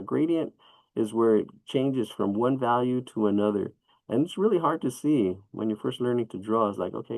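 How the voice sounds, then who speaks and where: A man with a low, gravelly voice leads a drawing class, talking his students through each mark as he shades. His delivery is relaxed and chatty, with coaching asides. The sound is close and dry. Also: no room sound, poor audio. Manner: relaxed, talks while sketching, coaching asides. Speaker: drawing teacher. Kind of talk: live drawing lesson.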